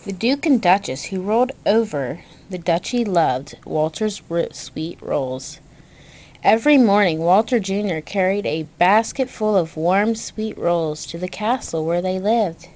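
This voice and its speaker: A woman reading a picture book aloud in a gentle way, pointing out the pictures to her listeners. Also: medium pitch, lively intonation, unhurried. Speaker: storyteller.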